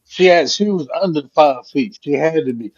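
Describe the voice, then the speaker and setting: A man hosting a casual live chat, telling a profane, animated story. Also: a little high, moderate pace. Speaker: host. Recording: dull lo-fi stream audio.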